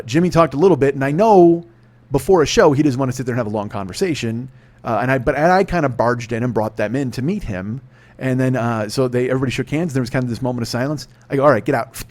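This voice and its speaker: A man in his forties talks through a solo podcast monologue at a quick clip, with his voice sitting in an ordinary middle pitch. He swears freely, rants, and pokes fun at himself while telling stories. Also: darkish tone. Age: 40s. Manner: profane, ranting, self-mocking storyteller. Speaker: podcast host.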